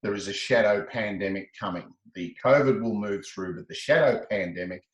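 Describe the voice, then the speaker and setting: A man, a laughter specialist being interviewed, telling stories in an animated way and acting out the voices in quoted exchanges. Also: normal speed, reverberant, rough recording. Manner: expressive, acts out quoted exchanges with rising pitch. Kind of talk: animated conversational storytelling.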